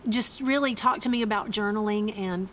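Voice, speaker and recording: A middle-aged woman, a guest co-author, telling parenting stories in a relaxed interview and acting out family dialogue. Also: medium pitch, normal speed, a little hiss or hum. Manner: warm storyteller, acts out family dialogue. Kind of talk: conversational storytelling interview.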